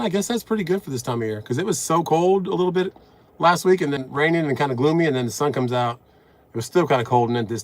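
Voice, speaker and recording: A middle-aged man in his truck cab, live-streaming from a phone on the dash, chatting casually and greeting viewers, a bit out of breath. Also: mid-range voice. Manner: reads out viewer comments, upbeat and chatty.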